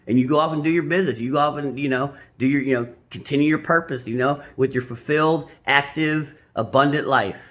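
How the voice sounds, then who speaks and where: A man's voice: mid-range voice, a little fast, hardly any pauses, fairly bright tone. A man vlogging casually about dating advice, loose and crude with many restarts and asides. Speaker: vlogger summarizing a self-help book. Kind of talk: casual, rambling talk.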